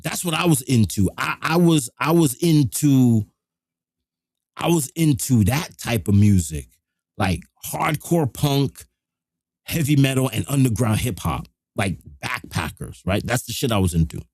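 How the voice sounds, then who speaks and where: A middle-aged man, hosting a live show and telling a rough, profane story in casual street slang. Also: medium pitch, expressive, a little slow, a little mellow, no room sound, studio quality.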